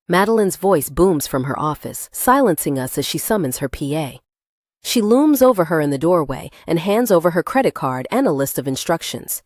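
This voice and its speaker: A woman reading a first-person thriller aloud as an audiobook narrator, with expressive, shifting intonation. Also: low voice, normal speed, no echo, clean studio sound.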